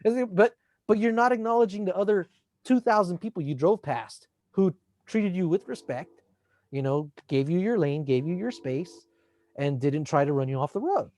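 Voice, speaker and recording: A man's voice: high voice, expressive, moderate pace, a little mellow. A man, a teacher and podcast co-host, talking in a laid-back, reflective way with casual swearing. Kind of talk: casual chat.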